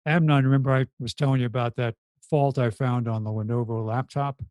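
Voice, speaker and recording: Animated man co-hosting a tech show. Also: medium pitch, fairly quick, no echo. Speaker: co-host. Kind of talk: casual chat on a tech call-in show. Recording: dry close mic over a video call.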